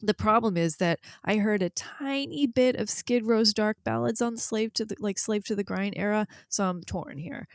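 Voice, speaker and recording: A woman co-hosting a music review podcast in casual chat, candid and quick to laugh. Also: medium pitch, no room sound, studio quality. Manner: candid, laughs easily, blunt opinions. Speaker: podcast co-host reviewing albums.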